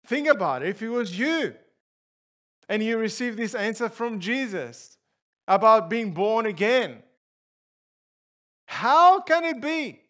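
A man with a high voice delivers a sermon at an unhurried pace. He leans on key phrases and puts questions to the congregation, leaving room for each point to land. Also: expressive, a bit bright. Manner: emphatic, asks the congregation rhetorical questions. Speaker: preacher.

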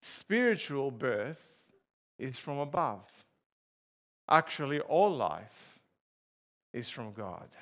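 A man's voice: medium pitch, sing-song, takes it slowly, pauses often. A man preaching a sermon to a congregation. He speaks with emphasis and asks his listeners rhetorical questions.

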